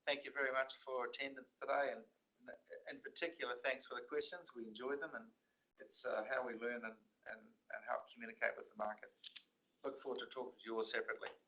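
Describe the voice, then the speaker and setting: A male company executive speaking plainly and a bit haltingly on an earnings call. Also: mid-range voice, fairly even intonation. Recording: dull lo-fi call audio.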